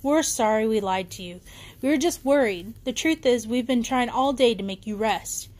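A woman voicing a cheerful, caring young princess in a bedtime storybook reading, speaking brightly and eagerly. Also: fairly high pitch, moderate pace, natural voice.

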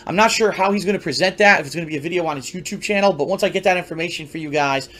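A man who streams games talks quickly through his upcoming schedule in a slightly high voice. He rambles and fills his sentences with "uh", and the clip is played inside another show. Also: a bit bright. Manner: rambling, full of fillers. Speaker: gaming streamer.

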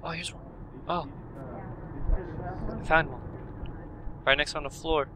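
A man's voice: fairly high pitch, fairly even intonation, takes it slowly, noisy background. Frantic man narrating a game. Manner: frantic self-talk with loud outbursts. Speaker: gaming commentator. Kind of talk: let's play commentary.

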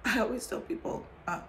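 A woman talking through a personal testimony with a slightly high, gravelly voice that jumps around a lot in pitch. She is candid and chatty and acts out bits of conversation. A faint hiss of noise sits under her voice. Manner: candid and chatty, acts out bits of talk, drops to a whisper for asides. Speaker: vlogger sharing her testimony.

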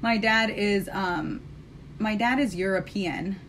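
Live-stream host: American woman, sassy and talkative, bright tone. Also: medium pitch, takes it slowly, a little hiss or hum. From United States. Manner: chatty, sassy, talks straight to viewers. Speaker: live-stream host doing her makeup. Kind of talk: casual live chat.

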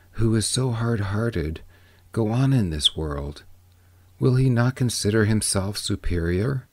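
A man reading the part of a troubled older father who speaks softly and sadly. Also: lowish voice, dry recording. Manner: soft, sad, subdued. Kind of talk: audiobook reading.

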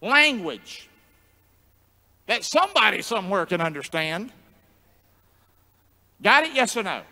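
A male pastor preaching a sermon in call-and-response style, jumping from shouts to low murmurs. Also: sing-song, moderate pace, gravelly. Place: church sanctuary. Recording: long church hall reverb.

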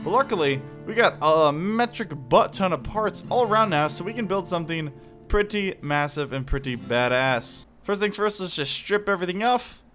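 A man hosting a let's play, giving chatty, excitable commentary while he builds and fights. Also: high voice, normal speed, soft background music. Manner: excitable and chatty, laughs and exclaims. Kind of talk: casual gameplay commentary.

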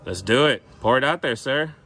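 A man hosting a casual chat, a brash joking loudmouth who teases his guest. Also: mid-range voice, expressive, normal speed, slight background noise. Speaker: host. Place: outdoors, hot day.

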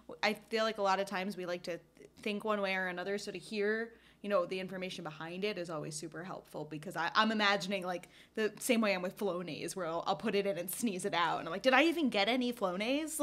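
A woman's voice: mid-range voice, fairly even intonation, fast, a bit bright. A woman co-hosting a casual chat show, playful and joking, laughing easily. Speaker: co-host.

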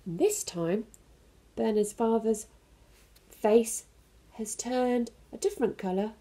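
A woman at a children's centre reading a picture book aloud to young children, pausing to explain the story gently. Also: a little high.

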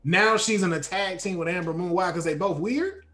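A man talking as a guest on a casual wrestling chat, emphatic and slangy, repeating words when excited. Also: high-pitched, normal speed. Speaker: podcast guest.

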